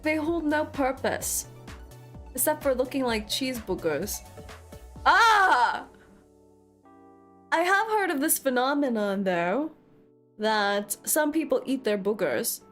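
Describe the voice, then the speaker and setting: High-voiced playful woman streamer. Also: big pitch swings, measured pace, faint music behind. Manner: playful, theatrical, teasing. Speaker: VTuber streamer. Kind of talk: casual live-stream chat with viewers.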